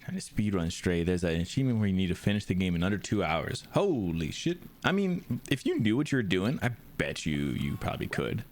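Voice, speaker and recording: A man's voice: low-pitched, expressive, fast talker, few pauses, a little mellow. A man streaming a video game, chatting casually and rambling with lots of restarts. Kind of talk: casual chat.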